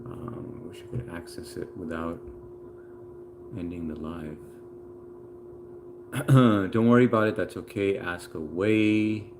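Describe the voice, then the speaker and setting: A man's voice: low-pitched, slow, pauses often, background noise. A man hosting a casual live stream from home, reading out viewer comments in a laid-back, chatty way with plenty of fillers.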